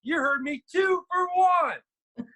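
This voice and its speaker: A man putting on a loud male TV pitchman who is selling a gadget in an over-the-top way, heard over a video call. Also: background noise. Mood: hard sell. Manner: over-the-top, drawn-out sales shouting. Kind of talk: impression on a video-call game show.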